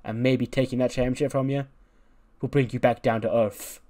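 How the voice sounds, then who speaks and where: Stern veteran wrestler dad, earnest and forceful, lines lifted in pitch , as a man puts him on. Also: steady tone, moderate pace, close to an everyday voice. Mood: challenging. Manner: earnest, pleading then challenging. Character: weary veteran male wrestler, stern father.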